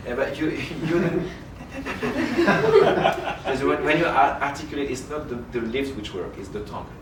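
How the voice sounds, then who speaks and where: A man's voice: medium pitch, animated, a little fast. A middle-aged man from France with a French accent, teaching a flute masterclass and coaching with sung syllables. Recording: roomy, distant mic, noisy.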